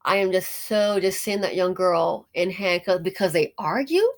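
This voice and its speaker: A woman's voice: on the low side, normal speed. A middle-aged woman in casual commentary, indignant and emphatic, repeating her points and calling the listener honey.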